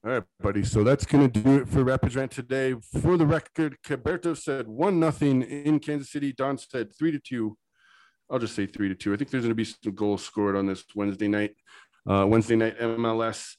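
Excitable rambling man, dry close sound. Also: medium pitch, a little fast, no room sound, low-quality recording. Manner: rambling, excitable, goes off on tangents. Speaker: podcast co-host. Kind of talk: casual sports podcast chat.

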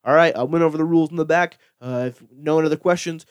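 Brisk fight referee, done by a man. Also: on the high side, clear, resonant tone, no echo, clean studio sound, lightly acted. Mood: businesslike.

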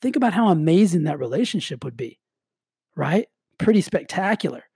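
A man giving an energetic, casual motivational monologue, often saying "like" and nursing a slight cough. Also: on the high side, fairly quick, vocal fry, breathy edge, no echo, studio quality. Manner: energetic, casual, heavy use of "like". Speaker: motivational speaker.

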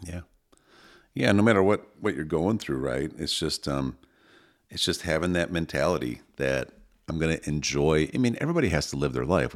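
Middle-aged man, very low bass voice, rambling earnest co-host chatting about family. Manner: rambling, earnest, gets emotional. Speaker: podcast co-host, father of six. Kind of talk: casual conversation.

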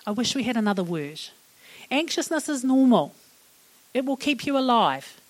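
A woman's voice: on the high side, big pitch swings, normal speed. A middle-aged woman with a New Zealand accent giving a humorous, chatty public talk on mental wellness to an audience. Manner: humorous and chatty, laughing at her own jokes.

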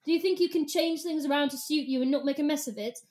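A woman's voice: high voice, fast talker, a little mellow, natural voice. A woman voicing a snooty, aloof alien being with a put-on English accent, lecturing in a lofty tone.

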